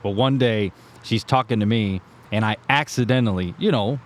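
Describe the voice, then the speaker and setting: A man's voice: lowish voice, moderate pace, slight background noise. A man in casual podcast chat, laid-back, sharing crude stories. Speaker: podcast co-host.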